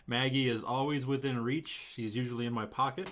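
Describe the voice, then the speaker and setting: A man hosting a casual live stream, talking in a relaxed, chatty way and laughing often. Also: mid-range voice, fairly quick, a little hiss or hum. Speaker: channel host.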